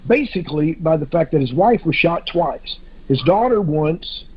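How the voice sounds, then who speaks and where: A man's voice: on the high side, animated, moderate pace, husky, highs cut off. A man in a casual podcast discussion, talking hesitantly with many fillers and restarts.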